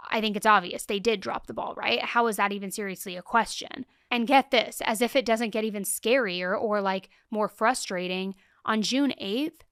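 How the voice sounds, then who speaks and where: A woman's voice: fairly high pitch, a bit bright, clean tone, no echo, clean studio sound. A young woman hosting a true crime podcast, recounting cases in a casual, emphatic way with indignant asides.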